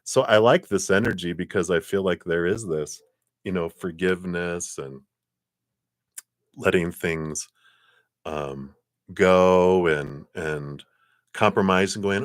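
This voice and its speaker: A man's voice: low-pitched, unhurried, no room sound, clean studio sound. Chatty man giving tarot readings. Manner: chatty and rambling, laughs often, warm spiritual blessings. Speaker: tarot card reader. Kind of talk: live-streamed card reading.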